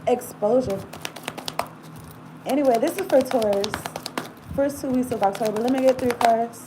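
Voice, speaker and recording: A woman's voice: a little high, brisk, background noise. A woman giving a casual tarot reading, rambling and talking straight to the viewer with frequent asides. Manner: rambling, casual, laughs often, talks to viewer directly. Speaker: tarot reader.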